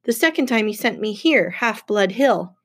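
A woman's voice: a little high, lively intonation, normal speed. A woman voicing a middle-aged male wine god who is whiny, bored and condescending. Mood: petulant.

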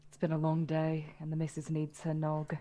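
Low-voiced woman player. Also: completely flat delivery, moderate pace, dark tone. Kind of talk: casual tabletop play.

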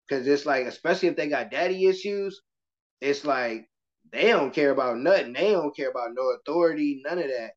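A man who teaches kindergarten, speaking as a guest in a casual interview and telling stories with lively acted-out voices. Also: mid-range voice. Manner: animated storytelling, slips into voices of kids and adults. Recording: muffled lo-fi podcast audio.

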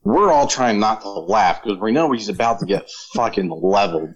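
Low-voiced, profane man telling stories. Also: expressive, moderate pace, highs cut off. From Florida. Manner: profane, laid-back storyteller. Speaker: podcast guest, former Marine. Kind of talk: casual chat, storytelling.

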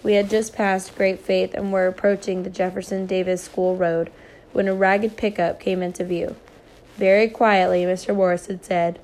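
A woman reads a novel aloud, chapter by chapter. Her delivery is steady and flat, with little rise or fall. Her pitch sits in a middle range. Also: normal speed. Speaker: reader.

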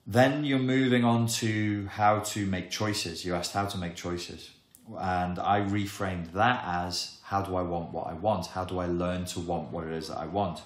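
Deep-voiced man in an echoey room. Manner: emphatic, wry, with dramatic pauses. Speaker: self-help educator. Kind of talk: explanatory monologue to camera.

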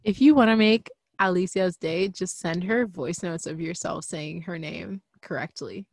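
A young adult woman co-hosting a casual podcast chat, animated and emphatic. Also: fairly low pitch, moderate pace, no room sound. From Liberian family. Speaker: podcast co-host.

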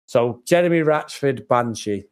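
A man's voice: mid-range voice, measured pace. A man from the UK co-hosting a podcast, chatting casually and laughing often. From United Kingdom. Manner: animated, laughs often, mocking. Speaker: podcast co-host. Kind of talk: casual chat.

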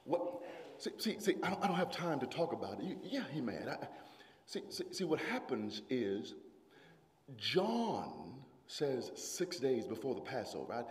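A man preaching a sermon, rising into shouted, sung-out passages before apologizing and calming down. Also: mid-range voice, a little slow. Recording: hall reverb.

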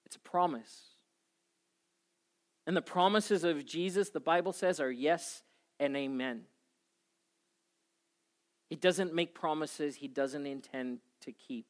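A man in his forties preaching from the front of a church, his voice sitting a little high for a man. He tells his story in a lively, animated way, acting out his own panic before settling into calm scripture. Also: takes it slowly, pauses often. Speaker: pastor. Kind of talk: sermon.

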